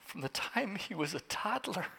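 Brief: a heartbroken father, pleading at a high, cracking pitch, as a preacher puts him on, with a long hall echo. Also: lively intonation, moderate pace, bright, forceful tone. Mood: tearful begging. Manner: pleading, breaking, urgent. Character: desperate pleading father of a sick boy. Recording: echoey hall.

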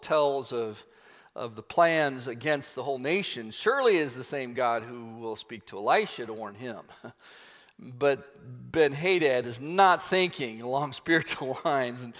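A man preaching a sermon, retelling a Bible story as an animated storyteller who acts out scenes. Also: medium pitch, measured pace. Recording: long hall reverb.

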